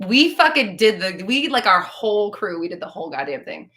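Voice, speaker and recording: A bright-voiced woman in her thirties chatting casually on a live stream. Her pitch swings widely as she rambles through stories, swearing freely. Her tone stays clear and forward. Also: very animated, fairly quick. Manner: profane, rambling, laughing storyteller. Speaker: podcast host answering live chat.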